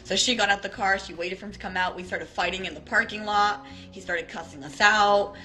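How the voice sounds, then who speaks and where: A woman's voice: mid-range voice, steady tone, a little fast, pushed and bright, soft background music, rough recording. A woman from Israel, a guest in a casual chat, telling a story animatedly with many fillers. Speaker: interview guest. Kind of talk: casual video-call chat.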